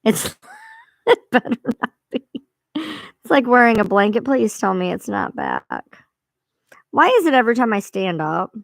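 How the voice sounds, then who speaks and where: A woman's voice: fairly high pitch, wildly swooping pitch, a little slow, gravelly, pauses often, dry recording. A woman hosting a casual livestream, rambling and swearing freely as she chats to viewers. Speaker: livestream host.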